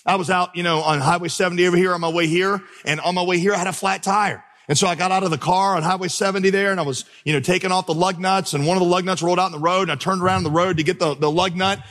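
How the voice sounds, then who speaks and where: A pastor preaches from the stage, his voice a touch higher than most men's. He drives points home by repeating words and spins lively, humorous stories. The sound trails off in the long reverb of a large hall. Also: quick pace, hardly any pauses. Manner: storytelling with vivid, humorous asides; emphatic repetition. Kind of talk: preached sermon. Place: church stage before a congregation.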